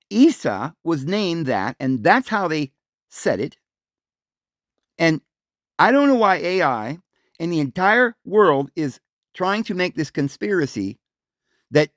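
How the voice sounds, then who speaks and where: Male host for a religious monologue: emphatic, insistent, dry close sound. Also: no echo. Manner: emphatic, insistent, repeats points; acts out voices calling out a name in raised pitch. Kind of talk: solo religious talk monologue.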